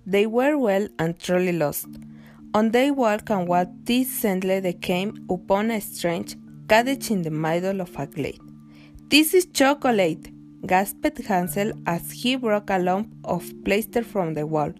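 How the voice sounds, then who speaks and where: A woman with Spanish as her first language reads a fairy tale aloud at a slow, careful pace. A faint guitar plays under her voice. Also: medium pitch, expressive, a little mellow. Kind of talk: reading a story aloud.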